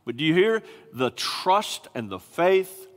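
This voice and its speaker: A male pastor preaching a sermon in an animated way, acting out scripture voices with big swings in pitch. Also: slow. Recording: long hall reverb.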